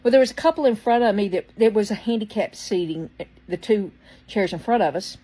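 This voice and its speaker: A storyteller vlogger casually tells a personal story in a mid-range, slightly rough voice at a fairly quick pace, rambling with restarts and fillers and coughing now and then from a tickle in her throat. She quotes people in changed voices and hushes for the soft lines. The audio is poor.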